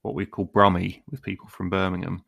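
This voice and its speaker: Brief: low, gravelly English man, dry-humored podcast guest. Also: flat delivery, fairly quick, fairly bright tone. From England. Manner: dry, joking. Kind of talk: casual chat.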